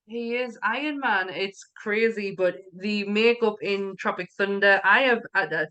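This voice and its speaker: A woman's voice: mid-range voice, unhurried, sharp tone, highs cut off. A woman co-hosting a casual podcast chat, candid and sweary, laughing often. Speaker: podcast co-host.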